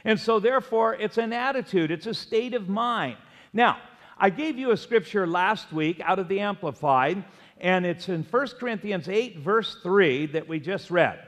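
A man's voice: high voice, animated, moderate pace, fairly bright tone. A male pastor preaching a sermon, emphatic and prompting the congregation to repeat after him. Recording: long hall reverb.

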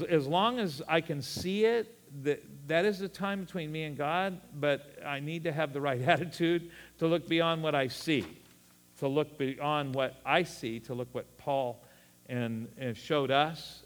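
A middle-aged man preaching a sermon, animated and folksy, with chuckling asides. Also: medium pitch, long reverb tail. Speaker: pastor.

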